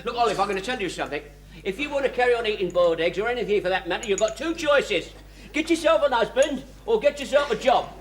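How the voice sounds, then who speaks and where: An actor playing a cheeky, exasperated working-class bus driver, in a 1970s TV sitcom with audience laughter. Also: male voice, high voice, animated, fast talker. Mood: grumbling. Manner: wheedling, exasperated, stammering.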